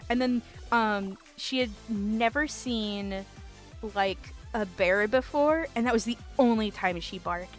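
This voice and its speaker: A woman's voice: fairly high pitch, unhurried, faint music behind. A woman streamer chatting casually with her live chat, rambling and giggling often with lots of "like".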